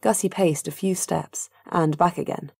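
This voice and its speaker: A woman narrating a fantasy audiobook in an even, measured way. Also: fairly low pitch, vocal fry, breathy edge, no room sound. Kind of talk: scripted narration.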